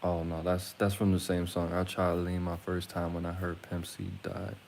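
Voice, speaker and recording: Deep-voiced man from Atlanta, streamer telling jokey stories, faint hiss. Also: monotone, normal speed, creaky, darkish tone. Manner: rambling, joking, crude. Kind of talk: casual storytelling to viewers.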